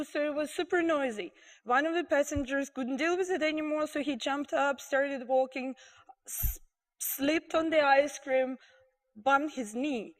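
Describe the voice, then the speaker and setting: A woman telling animated, amused stories to a live audience. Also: high voice. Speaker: storyteller. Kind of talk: live storytelling. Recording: reverberant live venue.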